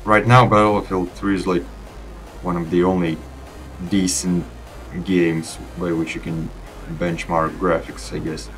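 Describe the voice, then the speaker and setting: A young man whose first language is Russian, giving a relaxed, rambling voice-over review of his gaming PC over gameplay, with casual restarts. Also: low voice, measured pace, faint music behind. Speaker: PC gaming channel host.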